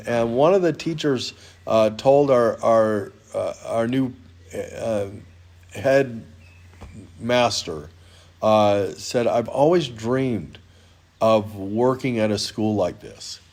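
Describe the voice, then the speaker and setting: A man giving an informal spoken appeal about his ministry, halting with many restarts and growing emotional. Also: mid-range voice, darkish tone. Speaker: ministry leader. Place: hotel in Uganda.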